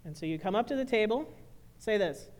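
A woman minister ending a sermon and then guiding her congregation through a bread communion in a relaxed, friendly way. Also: mid-range voice, a little fast. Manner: warm, informal, directing a congregation. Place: church sanctuary.

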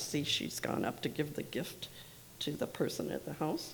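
A woman reading a picture book aloud to children in a room, expressive and lively, with asides to her listeners. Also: low voice, normal speed, gravelly, low-quality recording.

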